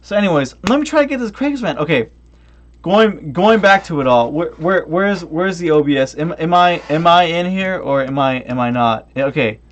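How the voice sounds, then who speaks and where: A man's voice: fairly high pitch, expressive, normal speed, dull audio. A tipsy young man ranting on a stream, swearing heavily, restarting often and drifting off on tangents.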